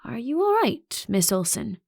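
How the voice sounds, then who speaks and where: A woman voicing a soft-spoken grieving grandmother principal. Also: on the high side, sing-song, vocal fry, no echo, clean studio sound, pitched above the performer's own voice, full character voice. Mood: calm, guarded. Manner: soft, measured, quietly sorrowful.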